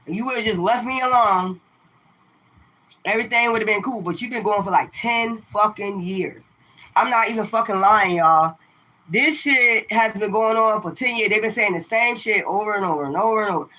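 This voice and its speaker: Ranting directly at the people watching her stream, a woman who does tarot readings speaks at medium pitch and normal speed. Sharp and forceful, she swears constantly and circles back to the same hostile rhetorical questions.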